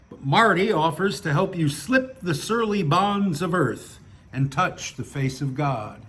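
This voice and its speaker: Wry man with a slightly high voice. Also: a bit bright. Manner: wry, dry humor; opinionated grumbling. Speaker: author reading his own stories. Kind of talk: casual monologue and story reading.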